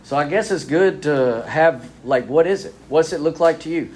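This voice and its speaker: Lively joking man sharing recovery story. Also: on the high side, moderate pace. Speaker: AA speaker. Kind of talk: recovery talk at a retreat. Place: retreat gathering.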